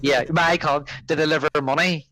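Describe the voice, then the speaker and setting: A man's voice: fairly high pitch, steady tone, brisk, crowd noise, poor audio. Rambling man reviewing films. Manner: rambling, many restarts and fillers. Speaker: podcast co-host. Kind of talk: casual film review chat.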